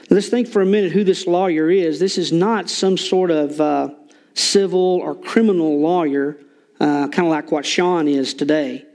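A man's voice: on the high side, a little mellow. An older man preaching an informal sermon in a church, folksy with joking asides and lots of fillers. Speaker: lay preacher.

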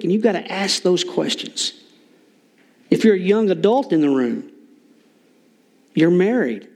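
A man's voice: high voice, lively intonation, measured pace, pauses often, darkish tone. An older man preaching an informal sermon in a church, folksy with joking asides and lots of fillers. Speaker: lay preacher.

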